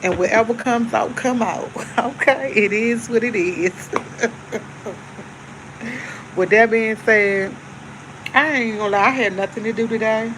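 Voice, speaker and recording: A woman's voice: a little high, measured pace, long pauses, background noise. A woman hosting a casual live stream, chatting easygoingly to her viewers and repeating herself. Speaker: livestream host. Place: at home with coffee.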